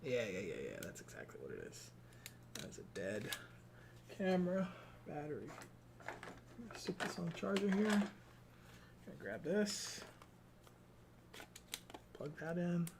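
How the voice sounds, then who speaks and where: A man's voice: on the high side, very animated, a little slow, vocal fry, pauses often, noisy background. A young man chatting casually to his live-stream viewers between sim races, rambling and self-deprecating, tired and sweating. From Ireland. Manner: rambling, self-deprecating, talks to chat while fiddling with gear.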